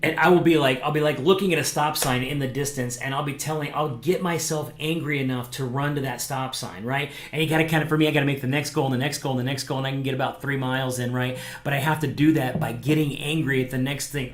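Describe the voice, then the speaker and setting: A lively man teaching a small-group Bible lesson, his voice sitting a little high for a man. He talks casually and bursts into acted-out quotes. The sound rings in a roomy, echoey space. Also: quick pace, few pauses. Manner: animated, acts out quotes, conversational fillers. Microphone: microphone, streamed to viewers.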